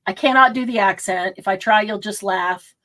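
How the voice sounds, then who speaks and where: A woman's voice: medium pitch, moderate pace, pushed and bright. A middle-aged woman hosting a casual live craft stream, chatting and laughing often and sometimes losing her train of thought.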